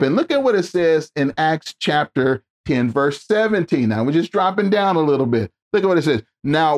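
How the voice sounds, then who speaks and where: A male pastor preaching a sermon, animated and repetitive, often acting out quoted voices and calling out to the congregation. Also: a little high. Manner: repeats words and restarts, calls out to the congregation.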